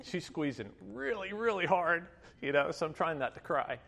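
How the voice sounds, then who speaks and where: A man in his fifties preaches from the front of a church, drifting into a personal story with plenty of fillers and little laughs along the way. His voice sits a touch high for a man. Behind him the sound rings out in a long hall reverb. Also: expressive, moderate pace, creaky, a bit bright. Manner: storytelling, chatty with many fillers, laughing asides. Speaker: pastor.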